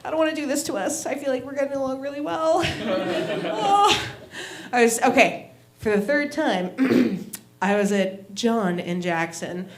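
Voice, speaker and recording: Woman comedian, stand-up set, slightly high voice, giggly and self-deprecating, live echoey room. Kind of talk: stand-up set at an open mic.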